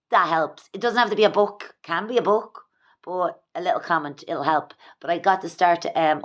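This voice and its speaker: An Irish woman vlogging from home, talking fast and candidly in a rambling, repetitive way. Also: fairly low pitch. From Ireland. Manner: rambling, fast, repeats herself. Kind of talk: candid confessional vlog. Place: at home in her own small place.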